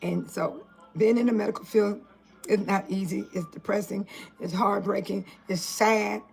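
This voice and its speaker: A woman's voice: mid-range voice, fairly even intonation, moderate pace, vocal fry, darkish tone, soft background music, rough recording. An older woman from Illinois talking earnestly at home in a casual vlog, preaching with emphatic repetition. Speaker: vlogger.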